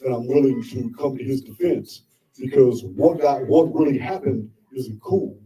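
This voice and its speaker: A man's voice: medium pitch, normal speed, mellow, far from the mic, rough recording. A man presenting live to an audience, talking bluntly and combatively with frequent swearing. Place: indoor meetup venue with audience.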